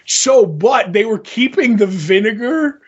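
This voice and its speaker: Male podcast co-host, high husky voice, animated storyteller who swears and mimics people, dull lo-fi audio. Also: a little slow. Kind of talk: casual chat.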